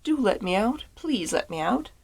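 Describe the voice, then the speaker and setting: A woman's voice: fairly low pitch, lively intonation, a little fast, gravelly. Woman reading as a haughty bottle spirit. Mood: pleading. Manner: proud, threatening, then pleading.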